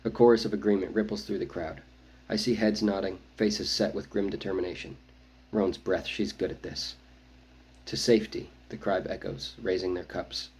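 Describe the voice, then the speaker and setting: A man reading his own novel aloud, first-person audiobook narration with a measured, brooding delivery. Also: sits low, steady tone, darkish tone, breathy edge, low-quality recording.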